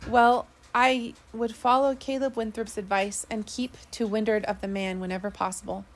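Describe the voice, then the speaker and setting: A woman narrating a first-person sea story, steady with small slips. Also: on the high side, normal speed, a little hiss or hum. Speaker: audiobook narrator.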